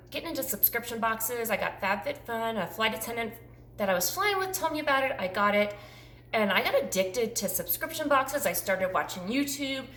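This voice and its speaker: Chatty woman with a lively voice. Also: a little high, echoey room, a little hiss or hum. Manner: chatty, rambling, frequent ums. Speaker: YouTuber. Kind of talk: casual Q&A tag video.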